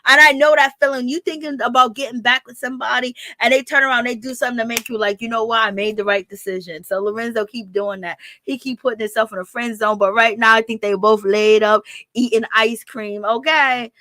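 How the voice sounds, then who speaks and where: Chatty higher-voiced woman gossiping. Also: fairly even intonation, fairly quick, sharp tone, no room sound. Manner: chatty, slangy, laughs often. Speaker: reality TV recap vlogger. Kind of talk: casual gossip commentary.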